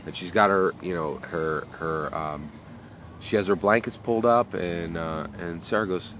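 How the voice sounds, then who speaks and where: A man's voice: deep voice, moderate pace, background noise. A man telling a story off the cuff, rambling with many fillers and restarts. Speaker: author telling his story. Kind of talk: unscripted story narration.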